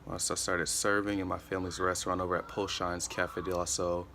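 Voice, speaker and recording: A young man with a very low, deep voice talks earnestly in a relaxed motivational vlog. He circles back on his points and leans on "you know" as he goes. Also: a little fast, gravelly, slight background noise. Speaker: motivational vlogger. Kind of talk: casual motivational monologue.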